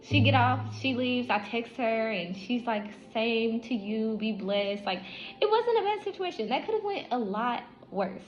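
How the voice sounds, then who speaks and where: A woman, an insurance agent telling a story in a casual late-night vlog, animated and chatty. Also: a little high, unhurried. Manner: animated, chatty, acts out quotes in her own voice. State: just woke up at night. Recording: echoey room, dull lo-fi sound, faint music.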